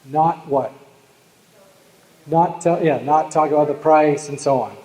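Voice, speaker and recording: With a fairly high, warm voice, this keynote speaker from Boston gives a live sales talk in a big hall. His manner is joking and story-driven, and he addresses the audience directly while the room's long reverb echoes around him.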